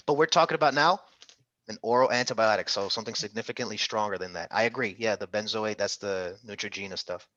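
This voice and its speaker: A man's voice: lowish voice, fast talker, bright, forceful tone, dry recording, muffled recording. A man tutoring an interactive online medical exam class, upbeat and coaxing, calling on students by name.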